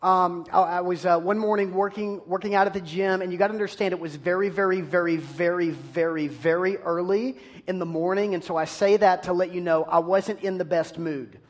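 High-voiced man telling a sermon story. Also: a little fast. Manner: animated self-deprecating storytelling. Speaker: preacher.

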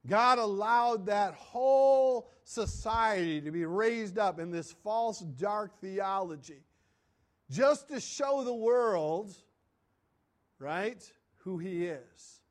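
A man preaching a sermon in a conversational way, asking questions and answering them himself, often trailing off quietly at the end of phrases. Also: high-pitched, lively intonation, takes it slowly. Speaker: pastor.

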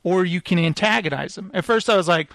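High-voiced man telling an animated story. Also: fast, creaky, no room sound. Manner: animated storytelling, acting out quoted lines. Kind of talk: casual chat.

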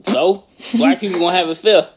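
Animated slangy man with higher voice. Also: fairly quick, husky. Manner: loud animated outbursts, slangy. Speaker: podcast co-host. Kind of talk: casual chat.

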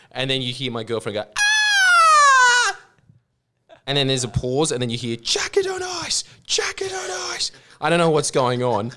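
A man's voice: medium pitch, heavy background noise. A man in casual conversation, telling a funny story and acting out the voices of the people in it. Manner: animated storyteller, acts out voices. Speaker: co-host. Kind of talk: casual chat.

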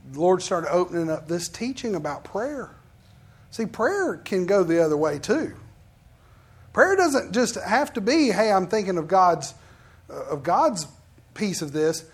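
Male preacher, animated delivery, slips into the voices he quotes. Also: sits high. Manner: animated, acts out quoted prayers and Bible figures. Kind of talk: sermon.

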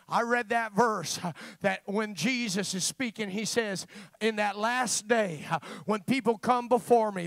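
Preacher guy, high gravelly voice, goes from slow and quiet to hollering, says uh a lot, dry close sound. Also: no echo. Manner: swells from quiet, drawn-out talk into shouted, impassioned preaching; fills pauses with frequent "uh". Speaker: father. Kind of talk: sermon.

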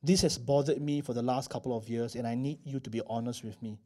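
A man's voice: medium pitch, fairly even intonation, fast talker, dark tone, pitched below the performer's own voice, lightly acted. A man voicing a poor, abusive old father who cannot believe what he hears. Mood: earnest. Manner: incredulous, disbelieving outbursts.

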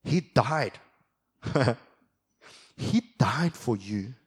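A young adult man preaching a sermon as a pastor. He drops into quiet, almost hushed reflection, then climbs sharply in pitch and volume as he gets fired up. His delivery is animated and wide-ranging. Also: extremely slow, husky.

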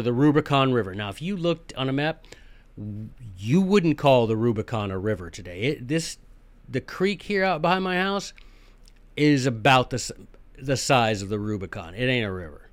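A man's voice: on the high side, very animated, normal speed, dry recording. A man, hosting a history podcast in a casual, folksy, joking lecture style.

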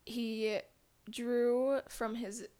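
A woman's voice: on the high side, flat delivery, extremely slow, mellow. A young adult woman co-hosting a podcast, chatting casually and sharing trivia with plenty of fillers. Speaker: podcast co-host. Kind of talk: casual chat.

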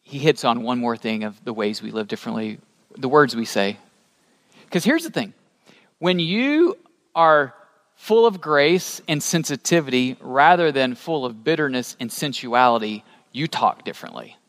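A man preaching a sermon as a pastor, animated and rising to emphatic peaks, asking the congregation questions. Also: mid-range voice, normal speed. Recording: long hall reverb.

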